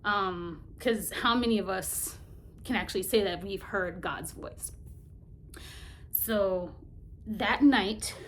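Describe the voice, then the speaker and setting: A woman's voice: mid-range voice, slow pace, pauses often, a bit bright, slight background noise. A woman casually retelling a Bible story in a Bible study vlog, colloquial and chatty, often laughing and searching for words.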